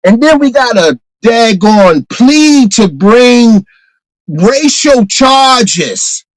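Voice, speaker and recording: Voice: medium pitch, big pitch swings, very slow, no room sound, low-quality recording. A participant in a live audio discussion, complaining indignantly about unequal treatment.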